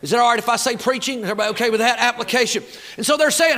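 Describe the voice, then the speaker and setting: A man's voice: very high-pitched, very fast, pushed and bright. A man preaching a sermon, fired up and folksy, talking back and forth with the crowd. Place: church auditorium.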